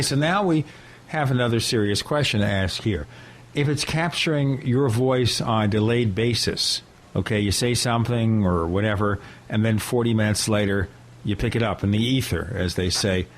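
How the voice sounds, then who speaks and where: A man's voice: mid-range voice, normal speed. A man hosting a podcast, asking curious, probing questions with a joking side. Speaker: podcast host. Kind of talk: casual podcast interview.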